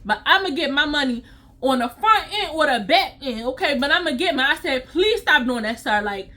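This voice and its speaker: A woman CPR instructor telling a story to her vlog audience in a sassy, animated way. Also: high voice, brisk.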